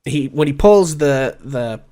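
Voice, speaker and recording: Slow, easygoing male game master. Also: mid-range voice. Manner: relaxed, halting, full of fillers and restarts. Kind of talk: narrating a tabletop game.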